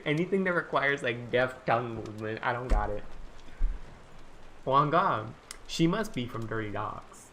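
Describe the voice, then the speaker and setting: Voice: mid-range voice, lively intonation, normal speed, fairly bright tone, a little hiss or hum. A streamer thinking aloud during a casual writing stream, talking in loose, rambling sentences full of "like" and restarts. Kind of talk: casual live-stream chat while writing.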